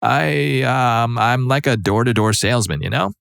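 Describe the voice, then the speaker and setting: A man's voice: medium pitch, moderate pace, vocal fry, a bit bright, clean tone, no room sound, clean studio sound, pitched above the performer's own voice. A man voicing a terrified young door-to-door salesman who stammers meekly and keeps saying "sir". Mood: scared. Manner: stammering, meek, polite.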